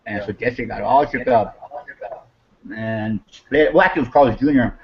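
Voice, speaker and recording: A man's voice: medium pitch, moderate pace, slightly rough, highs cut off. A man in casual talk telling a story, swearing freely and acting out heated quotes. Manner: animated, swears a lot, acts out quotes with raised voice.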